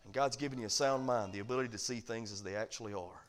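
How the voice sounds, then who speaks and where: A man pastor preaching a sermon, animated and calling for amens. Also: lowish voice, fast. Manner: animated preaching, calls for amen.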